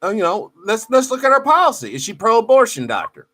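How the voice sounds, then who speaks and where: A man hosting a podcast, chatting casually with quick interjections and easy laughter. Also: high voice, wildly swooping pitch, sharp tone. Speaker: podcast host. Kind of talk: casual talk show chat.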